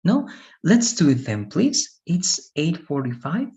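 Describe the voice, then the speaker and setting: A man's voice: fairly high pitch, sing-song, warm tone, highs cut off. A man teaching an English grammar lesson to students, explaining step by step and checking in with "right?" and "all right". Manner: repeats and restates points slowly.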